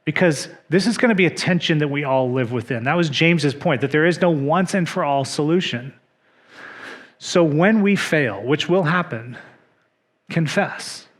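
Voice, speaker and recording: A man preaching a sermon as pastor, measured and earnest, dropping to soft emphasis on key points. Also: fairly high pitch. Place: church.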